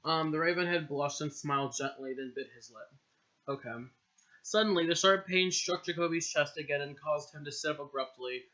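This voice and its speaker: Casting: self-mocking, giggly man reading his old story aloud, high and bright, dull lo-fi home recording. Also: normal speed. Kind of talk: casual story reading with comic asides.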